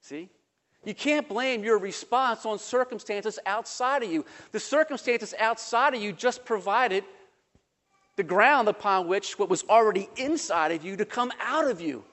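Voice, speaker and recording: A man preaching a sermon, animated and conversational, acting out voices in the quotes he tells. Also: sits high, unhurried, long reverb tail. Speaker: pastor.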